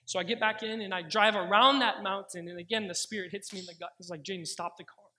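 A young man preaches a sermon built around a personal testimony. His voice sits high and sounds bright and forward. He tells the story earnestly and slows down when he quotes his prayers. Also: steady tone. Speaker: pastor.

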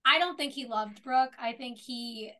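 A woman's voice: on the high side, unhurried, pushed and bright. A woman co-hosting a podcast in casual chat, opinionated and retelling scenes in detail. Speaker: podcast co-host. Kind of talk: casual chat and episode recap.

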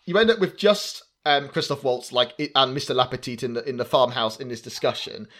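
A man's voice: mid-range voice, brisk, a bit bright. A man hosting a casual film discussion, chatty and jokey, with many fillers and restarts. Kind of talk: casual chat.

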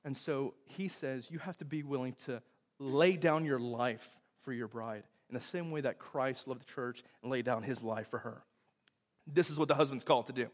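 A young Texan pastor preaches a sermon built on stories, swinging between loud bursts and hushed, tender moments. His pitch is medium and his speed normal, with long hall reverb on the recording.

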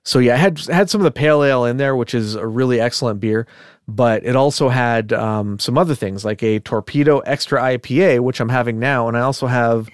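A man's voice: medium pitch, a little fast, no room sound, studio quality. A man hosting a podcast in casual, rambling chat, laughing often. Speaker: podcast host.

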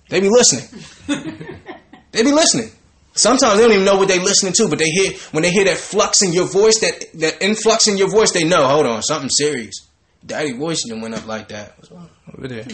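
A man leads a Bible study, talking through scripture in a loose, conversational preaching style. He is animated and informal, and his voice sits a little on the higher side. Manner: animated, conversational, breaks into laughter and mock voices.

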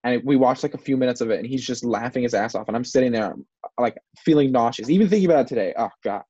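A young man in his twenties with a husky voice rambles through crude podcast banter, cursing freely and leaning on "bro" and "like". His voice comes over a dry, slightly dull microphone. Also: mid-range voice, fast talker, mellow, dry recording. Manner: rambling, swears a lot, says "bro" and "like". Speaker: podcast co-host.

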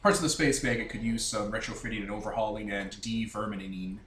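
A man's voice: on the low side, fairly even intonation, quick pace, lightly acted. A man voicing a businesslike spaceship captain briefing his crew. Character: brisk male ship captain, businesslike leader. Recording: roomy distant mic with faint hiss.

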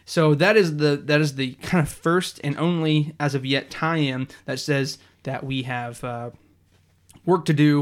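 Podcast co-host, male, fairly high voice, excitable and animated storyteller. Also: a little slow. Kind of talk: casual chat.

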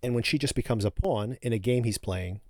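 A man's voice: medium pitch, brisk, darkish tone, dry recording, clean studio sound. A man hosting a podcast, giving an opinionated recap of a TV episode in a casual, chatty way with frequent chuckles. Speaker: podcast host.

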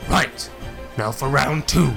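A man's voice: medium pitch, slow, vocal fry, over music. A man voicing a courteous, formal male tennis golem in a tabletop game.

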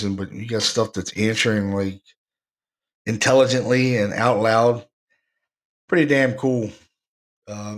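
Laid-back, rambling storyteller man. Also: on the low side. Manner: rambling, laid-back, laughs while telling stories. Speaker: podcast host, paranormal investigator. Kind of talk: casual storytelling.

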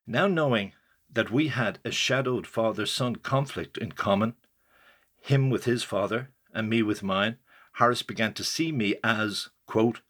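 Husky man reading his memoir. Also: lowish voice, a little slow, a bit bright. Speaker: journalist reading his own article. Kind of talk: read-aloud first-person memoir narration.

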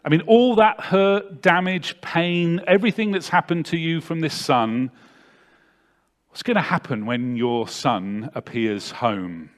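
A man preaching a sermon, retelling a story dramatically and swinging from loud to hushed. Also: on the high side, a little slow.

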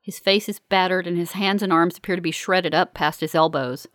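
A woman reading a first-person story aloud in a calm, measured, earnest way. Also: lowish voice, no room sound, studio quality. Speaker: narrator. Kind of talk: first-person audiobook narration.

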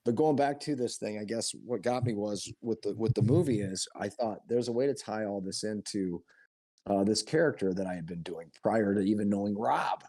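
A man being interviewed as a guest, talking about his film project in an earnest, halting way with frequent restarts. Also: on the low side, mellow. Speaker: guest filmmaker and performer. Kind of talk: casual conversational interview.

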